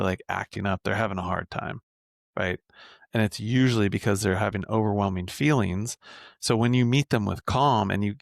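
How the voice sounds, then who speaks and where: Gravelly low-voiced man coaching casually. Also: dry recording, clean studio sound. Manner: conversational, frequent "right?" tags; casual, occasional swearing. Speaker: men's coach. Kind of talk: casual podcast interview.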